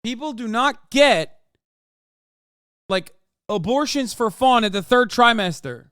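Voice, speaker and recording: A male streamer ranting at his chat during a live reaction stream, profane and combative, often yelling. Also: very high voice, expressive, takes it slowly, clear, resonant tone, no room sound, studio quality.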